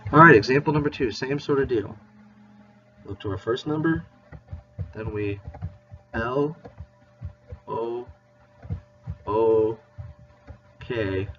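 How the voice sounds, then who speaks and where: A man's voice: medium pitch, normal speed, pauses often, sharp tone, recorded from a distance. A male teacher giving a playful, encouraging math lesson to children. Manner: encouraging, playful, spells words out. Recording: dull lo-fi recording with faint hiss.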